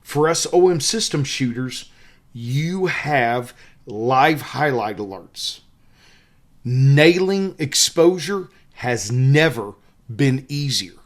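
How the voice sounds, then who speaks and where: A man's voice: medium pitch, lively intonation, slow. A man in his fifties with a Southern US accent teaches in a loose, conversational way. He drives his points home with emphasis and says them again so they stick. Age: 50s. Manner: emphatic, repeats key points. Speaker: photography instructor. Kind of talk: casual teaching monologue.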